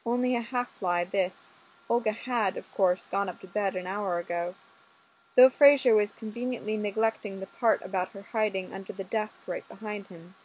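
A woman's voice: mid-range voice, normal speed, low-quality recording. Woman reading a story aloud. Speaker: audiobook reader. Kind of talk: reading fan fiction aloud.

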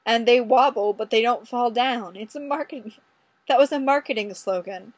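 A woman's voice: fairly high pitch, normal speed, no room sound, natural voice. Brash male cop, blunt and insistent, read by a woman, dry close sound. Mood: exasperated. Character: wisecracking male Chicago detective, brash.

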